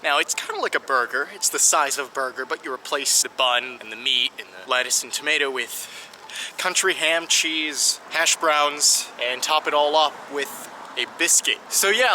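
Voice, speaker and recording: Male travel vlogger, keen tour-guide delivery, higher pitch, crisp, a faint hum behind. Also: bright, forceful tone. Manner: enthusiastic, guide-like explaining. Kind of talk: travel vlog narration.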